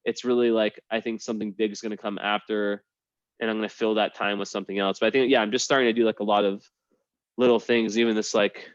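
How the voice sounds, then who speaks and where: A man's voice: on the low side, level tone, fast talker, clear, resonant tone, no room sound, dull audio. A man hosting a casual group video chat, rambling with many fillers and restarts. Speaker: host.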